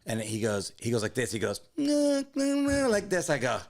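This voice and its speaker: A young man co-hosting a comedy podcast, his everyday voice sitting on the low side. He tells a story loosely and casually. He keeps breaking into loud, animated impressions of the people in it. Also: a little fast. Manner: animated, acts out both sides of the story in loud raised voices. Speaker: podcast co-host.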